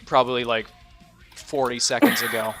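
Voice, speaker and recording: A man's voice: medium pitch, fairly even intonation, moderate pace, pushed and bright, faint music behind. A man narrating a tabletop game as dungeon master, rambling with many fillers and bursts of laughter.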